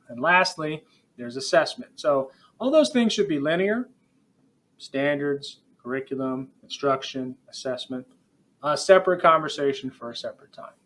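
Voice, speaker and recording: A middle-aged professor, lecturing future school leaders in a podcast. His voice sits a little high for a man. He talks in a relaxed, conversational way, wandering off on asides and speaking directly to his students. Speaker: professor teaching future principals.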